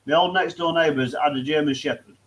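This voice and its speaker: A British man in casual chat with friends, telling a funny story in an animated, joking way. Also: on the high side, fast talker, poor audio. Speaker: hangout participant.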